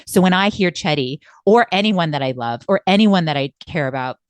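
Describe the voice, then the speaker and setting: A woman's voice: lowish voice, expressive, brisk, no echo. A woman co-hosting a podcast as a coach, talking in an intense, emphatic way and laughing often. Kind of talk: casual podcast conversation.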